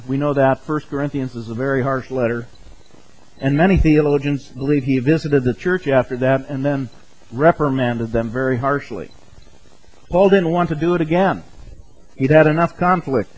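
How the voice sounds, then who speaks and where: A man's voice: on the high side, darkish tone, rough recording. An older man preaching a sermon as a pastor, in a conversational way, chuckling often and tagging his points with "okay?" and "right?". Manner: chuckles often mid-sentence.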